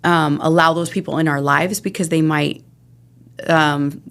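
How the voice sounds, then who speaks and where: A middle-aged woman, appearing as a podcast interview guest, talks candidly and earnestly about her recovery. She rambles, restarts often, and laughs nervously through the hard moments. Her voice is deep, gravelly, and steady, and she takes her time.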